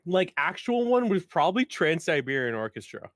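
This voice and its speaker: A man's voice: on the high side, very animated, moderate pace, a bit bright, no echo. A man co-hosting a casual video game podcast, chatty and rambling, with frequent laughs. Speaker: podcast co-host. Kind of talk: casual chat.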